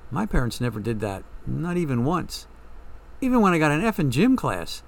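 A man's voice: a little high, very animated, normal speed, vocal fry. A man voicing anxious, self-doubting Yoli. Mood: troubled. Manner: hesitant, questioning. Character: troubled young woman, anxious and self-doubting.

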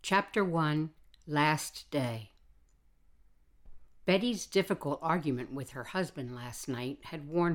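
A woman reads an audiobook narration in a low voice. Her delivery is measured and even, the plain rhythm of scripted storytelling.

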